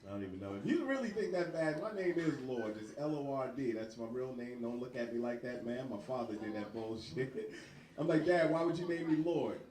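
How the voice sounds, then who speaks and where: A man doing an animated, profane stand-up set on a bar stage, laughing through his lines. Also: mid-range voice, fairly quick. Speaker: stand-up comedian. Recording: echoey bar with crowd laughter.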